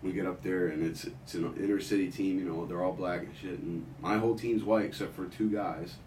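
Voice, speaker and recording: A man's voice: sits low, fairly even intonation, fairly quick, darkish tone, echoey room, recorded from a distance. A young man and former football player telling stories in casual chat, loose and laid-back. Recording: voice off-mic with faint hiss.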